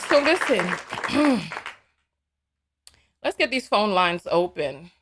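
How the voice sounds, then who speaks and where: A woman hosts a live call-in stream, reading viewers' messages and reacting to them with animated, sassy commentary. Her voice sits fairly high, and a faint crowd murmur hangs in the background. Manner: animated, sassy, quick to laugh. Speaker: live call-in show host.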